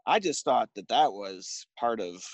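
Lively, chatty American podcast host. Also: male voice, fairly low pitch, a little slow, dry recording. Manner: animated, laughs often, chatty and joking. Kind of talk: casual chat.

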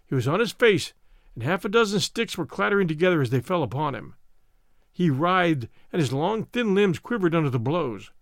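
A man narrating a story aloud as host, measured and steady in his delivery. His pitch moves lively and sits a bit higher than most men, recorded close and dry. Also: dry recording. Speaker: host and reader. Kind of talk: audiobook narration.

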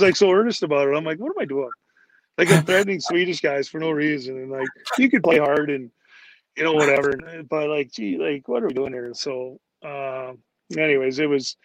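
A former hockey player tells rambling, casual stories in an interview, peppering them with "like" and "you know." His voice is slightly high and gravelly. The recording is rough, though without room sound.

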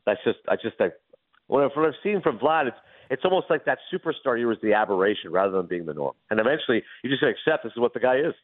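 A man calling into a sports radio show as a guest, chatting fast and animatedly about baseball and movies. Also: mid-range voice, dry recording. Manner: fast, animated, does impressions. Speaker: guest commentator. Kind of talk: casual sports radio chat. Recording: tinny phone-line sound.

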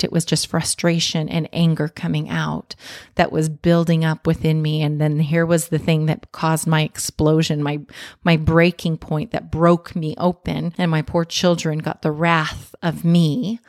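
A woman's voice: low voice, a little mellow, no room sound, clean studio sound. A woman, a mother, telling an earnest, self-reflective personal story in a candid, confessional way.

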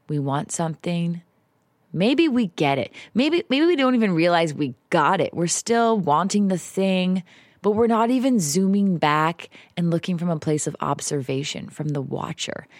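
Low-voiced woman in a confessional podcast monologue. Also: no room sound, clean studio sound. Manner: confessional, emotional, swearing, self-mocking. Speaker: podcast host. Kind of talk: unscripted solo podcast monologue. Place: house in the woods, alone. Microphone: home setup, popping p's.

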